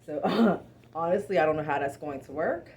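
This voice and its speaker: A woman's voice: low-pitched, moderate pace. Exasperated woman chatting through an unboxing. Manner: expressive, exasperated, addresses viewers as y'all. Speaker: haul vlogger. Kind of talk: casual unboxing chat.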